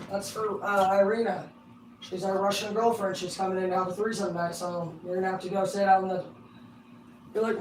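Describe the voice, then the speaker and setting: A middle-aged woman giving a casual, rambling tarot reading on a livestream. She talks excitably and swears constantly. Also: medium pitch, brisk. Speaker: tarot card reader. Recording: roomy sound from a distance, faint hum.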